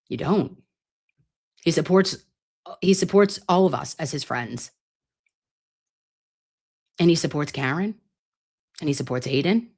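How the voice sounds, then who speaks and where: This livestream host, a woman in her late thirties, has a low, darkish voice that she describes as grating. Over a computer mic she speaks slowly and animatedly, pausing often, while chatting casually in a rambling, playful, crude manner full of swearing.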